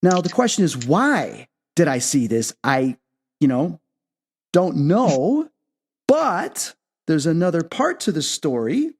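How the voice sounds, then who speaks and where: Guy hosting a talk show, excitable storyteller, pitch runs a bit high. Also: slow, breathy edge. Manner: excitable, leaps high when reenacting his own reactions. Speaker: podcast host.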